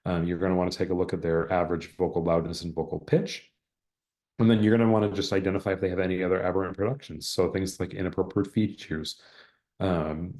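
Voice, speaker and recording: A man's voice: sits low, creaky, a little mellow. A man presenting an exam-prep online lecture over a video call, explaining in a conversational way and saying example sentences aloud.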